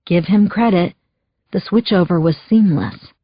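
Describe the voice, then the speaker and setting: A husky, low-voiced woman narrates a first-person thriller audiobook in a measured, wry way. The recording is dry and dull, with a lo-fi sound. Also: no room sound. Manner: measured, wry inner monologue.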